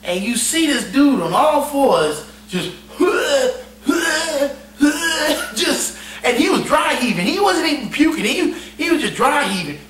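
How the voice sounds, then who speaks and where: A man tells a story with a lively, swooping voice, cursing freely and laughing often. He sits back from the mic in an echoey room, with a faint hum underneath. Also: very high voice, slow. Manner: animated, profane, laughs often. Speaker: navy veteran storyteller. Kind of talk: casual storytelling. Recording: roomy echo, distant mic, faint hum.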